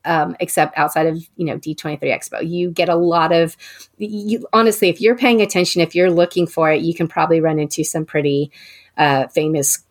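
Young woman, casual storytelling, lots of ums, animated. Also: fairly quick. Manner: animated, many fillers, acts out quotes in a higher voice.

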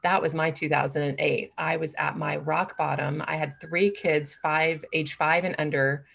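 Low, gravelly woman telling her story. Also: fairly even intonation, normal speed, fairly bright tone. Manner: candid and earnest, with frequent fillers and restarts. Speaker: interview guest. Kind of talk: personal storytelling in conversation.

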